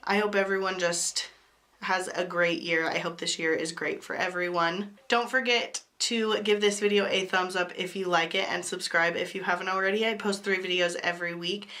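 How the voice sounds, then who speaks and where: A woman's voice: lowish voice, bright, forceful tone. A woman reviewing makeup to camera in a chatty, enthusiastic way, her voice sick from a cold. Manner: chatty and enthusiastic, apologetic asides. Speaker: beauty YouTuber. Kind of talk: casual to-camera product review.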